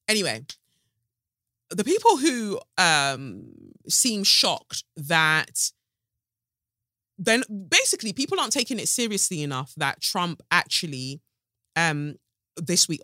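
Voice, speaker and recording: A woman's voice: low-pitched, big pitch swings, a little slow, pauses often, bright, forceful tone, dry recording, studio quality. A woman hosting a podcast from her sofa, talking in an emphatic, sassy monologue. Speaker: podcast host. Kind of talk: casual commentary monologue. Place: home sofa.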